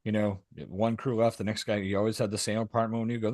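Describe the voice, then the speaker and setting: A man's voice: fairly low pitch, fast, dry recording, studio quality. A middle-aged man telling casual stories on a podcast, swearing freely. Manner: swears a lot, animated anecdotes. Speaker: podcast host. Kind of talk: casual storytelling.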